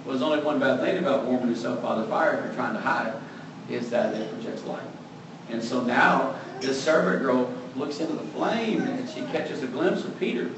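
A man giving a conversational Bible teaching, relaxed and thinking aloud, openly admitting what he is unsure of. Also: mid-range voice, normal speed. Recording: very echoey room, mic far off, faint background noise.

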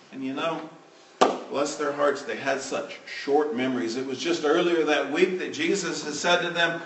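A man's voice: fairly high pitch, distant mic. Man preaching in a roomy hall. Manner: dramatic swings from loud emphasis to hushed endings. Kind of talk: sermon. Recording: roomy, from off the mic.

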